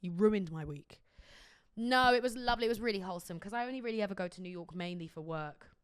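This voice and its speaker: A woman hosting her own podcast, chatting casually and telling animated stories with lots of laughter. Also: medium pitch, fast, clear, resonant tone, dry recording, studio quality. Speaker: podcast host. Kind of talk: casual chat.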